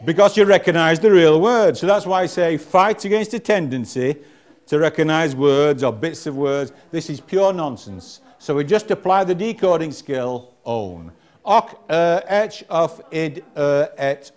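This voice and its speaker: A man's voice: on the high side, lively intonation, normal speed, a little mellow. A man teaching a phonics lesson, sounding out nonsense syllables one by one and calling on the class to answer. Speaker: reading teacher.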